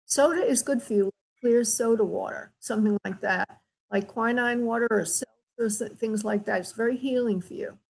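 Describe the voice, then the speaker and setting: A woman spirit medium hosting a call-in radio show, giving gentle, affectionate readings and calling her callers honey and sweetheart. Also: fairly high pitch, normal speed, creaky, poor audio.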